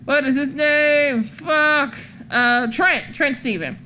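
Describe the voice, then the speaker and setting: A woman's voice: sits high, takes it slowly, pushed and bright, slight background noise. A woman hosting a podcast, telling rambling stories in casual chat, swearing freely and laughing often. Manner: rambling, profane storytelling. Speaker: wrestling podcast host.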